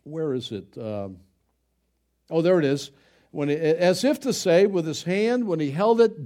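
Animated male pastor preaching conversationally. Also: a little high. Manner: conversational preaching with dramatic pauses and asides. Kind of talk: sermon.

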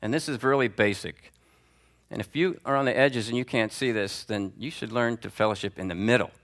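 Bright-voiced man teaching a Sunday class. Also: brisk. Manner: conversational, calls on students by name; lively, pitch swings for emphasis. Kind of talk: teaching sermon. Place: church classroom before a group.

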